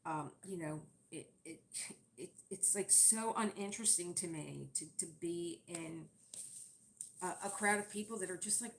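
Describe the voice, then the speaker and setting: A woman's voice: on the low side, moderate pace, creaky, a little hiss or hum. A woman chatting casually and at length as she works on a craft project during her livestream, rambling and laughing often. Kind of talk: casual chat while crafting.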